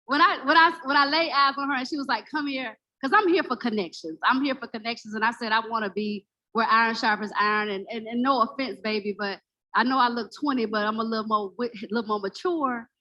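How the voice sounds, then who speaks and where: A woman with a bright, forceful voice pitched a touch high tells an emphatic story to a live audience. She talks with excitement and leans hard on each punchline. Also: quick pace, dull audio. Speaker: audience member invited to share. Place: live event in front of an audience.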